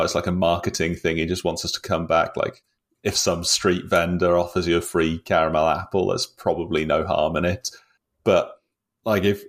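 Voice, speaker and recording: A man chatting casually about a film with friends, laughing often and rambling with restarts. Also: low-pitched. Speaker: podcast co-host discussing a film. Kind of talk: casual chat.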